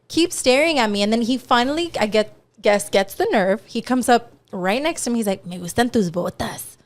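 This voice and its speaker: A woman's voice: fairly high pitch, fairly quick. A woman, co-hosting a casual podcast. She tells stories with a lot of animation, swears freely and drops into mid-sentence. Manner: animated storyteller, swears, switches into Spanish. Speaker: podcast co-host. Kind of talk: casual chat.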